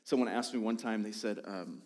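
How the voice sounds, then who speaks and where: A lead pastor in his thirties preaches in a church sanctuary, mixing his sermon with casual storytelling, self-deprecating jokes, and tangents. His voice is fairly low, brisk, and darkish in tone.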